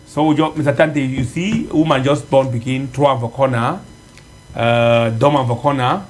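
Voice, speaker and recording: A man with a Cameroonian Pidgin English accent, hosting radio news and a phone-in show in a lively, chatty way. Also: mid-range voice, normal speed, a little hiss or hum. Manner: lively, chatty presenting with fillers. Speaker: news presenter and call-in host.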